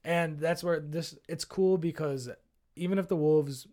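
A man's voice: on the high side, fairly even intonation, measured pace, darkish tone. A man co-hosting a sports podcast, talking casually and animatedly, swearing freely as he rants. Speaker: podcast co-host.

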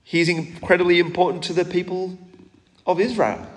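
A man preaching a sermon in a church, measured and emphatic, asking the congregation questions. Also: high voice, flat delivery, in a large hall.

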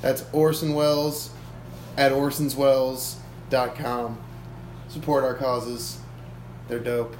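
A man's voice: medium pitch, little pitch movement, slow, pauses often, darkish tone. Joking young man, roomy sound. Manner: joking, mock announcer. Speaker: podcast co-host. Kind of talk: casual chat. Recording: echoey room with faint noise.

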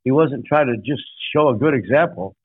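A man's voice: mid-range voice, lively intonation, moderate pace, breathy edge, no echo. An older man, a guest pastor, telling a story in a sermon-like way, making emphatic numbered points and acting out quotes. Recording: dry, tinny phone-like line.

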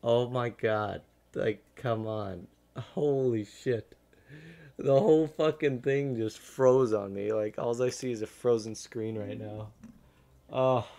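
A man's voice: medium pitch, gravelly, a little mellow. A young man hosting a podcast in casual chat, who swears a lot and gets frustrated easily. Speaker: podcast host.

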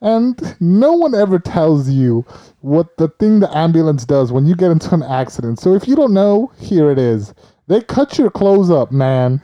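A man telling a story in casual chat, animated and acting out other people's lines. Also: on the high side, normal speed. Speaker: storyteller recounting a car crash.

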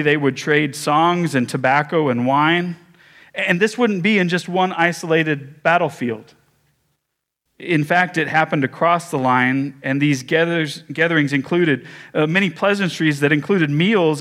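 A man pastor preaching a sermon, telling a story with measured pauses and small restarts. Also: fairly high pitch, a bit bright.

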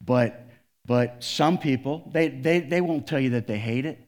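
A male pastor preaching a sermon, swinging from loud, emphatic lines to quiet, low asides. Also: unhurried.

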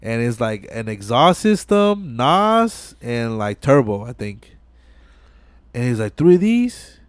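A man with a medium-pitched, clean voice speaks slowly in a clean studio recording with no echo. As a podcast host, he casually recaps a movie scene by scene, swearing a lot and acting out the characters' lines in an animated retelling.

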